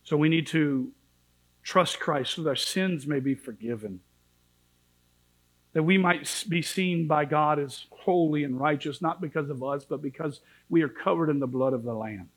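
A man preaching a sermon in a church, impassioned, swinging between shouted warnings and low pleading. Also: moderate pace, rough recording.

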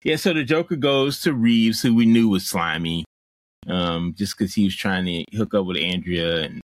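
A man's voice: deep voice, normal speed, no room sound, poor audio. A man co-hosting a podcast, retelling a film's plot in casual chat with restarts and playful asides. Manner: rambling plot recap with restarts and playful quoted voices. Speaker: podcast co-host. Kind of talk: casual chat recapping a film.

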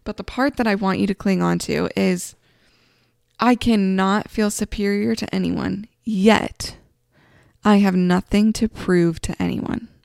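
Female podcast host, gravelly fry, earnest and chatty, dry booth sound. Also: mid-range voice, steady tone, a little slow, no room sound. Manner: earnest, conversational, soft guided-imagery delivery. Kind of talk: devotional podcast talk.

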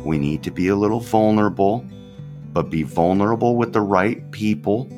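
A man's voice: fairly low pitch, normal speed, darkish tone, faint music behind. A man, a pastor hosting his own podcast, giving an unscripted devotional talk in a candid, conversational way, often repeating his phrases.

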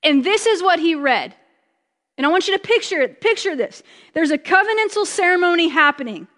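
Woman pastor giving a chatty sermon, pretty high voice, jokes around then slows way down to make a point, long church echo. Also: lively intonation, fairly bright tone. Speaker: preacher. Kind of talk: conversational sermon.

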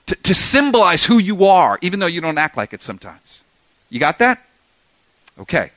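Man preaching, emphatic, lively pitch, bright tone, dry close sound. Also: normal speed, dry recording. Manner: emphatic, rhetorical questions to the audience. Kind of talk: expository sermon.

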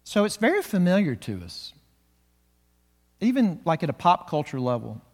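A male pastor preaching a sermon, slowing and swelling on key words. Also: a little high, very animated, darkish tone, long reverb tail.

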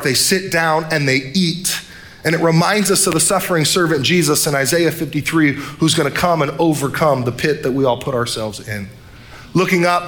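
A young man preaching a sermon, animated, acting out the characters' lines as he retells the story. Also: high-pitched. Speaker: pastor.

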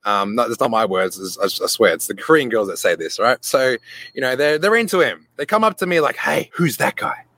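Animated swearing man telling stories. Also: mid-range voice, a little fast, dry recording. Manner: animated, swears freely, acts out voices in anecdotes. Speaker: podcast host. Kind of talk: casual storytelling monologue.

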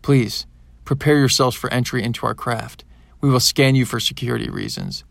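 A man voicing a loud, formal male spokesman announcing from a spaceship in an audiobook. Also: mid-range voice, steady tone, moderate pace, gravelly, no echo.

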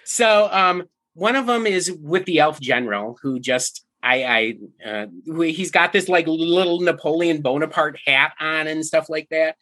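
A man's voice: a little high, a little slow, few pauses, bright, forceful tone. A man talking as a podcast guest in casual chat, chatty and laughing, with stumbling restarts.

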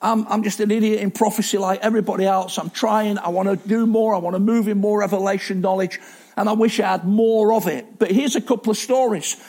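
Man, preacher, very high voice, chatty sermon, self-deprecating. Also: steady tone, brisk, a little mellow. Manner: chatty, self-deprecating, with many restarts and asides.

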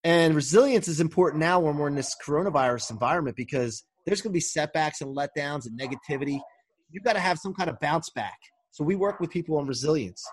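A man's voice: fairly high pitch, quick pace, slightly rough. A man who coaches people, talking casually and eagerly from home as a podcast guest, rambling and restarting often. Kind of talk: casual interview talk. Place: home during quarantine.

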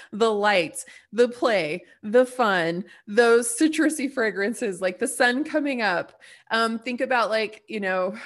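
A woman hosts her own podcast and talks through a loose spiritual monologue straight to her listeners. Her speech rambles with fillers. She turns blunt and profane whenever she pushes a point. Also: mid-range voice. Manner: chatty, full of "like" and "you know". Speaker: podcast host.

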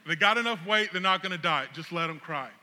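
A man, a pastor, telling a funny, animated story as a sermon illustration. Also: high-pitched, a little fast, noisy background. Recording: long reverb of a large hall.

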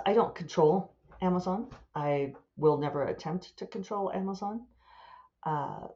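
A woman's voice: lowish voice, mellow, muffled recording. A woman author chatting casually and rambling, amused at her own asides as she thinks aloud. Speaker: author and podcast host. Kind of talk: casual solo chat.

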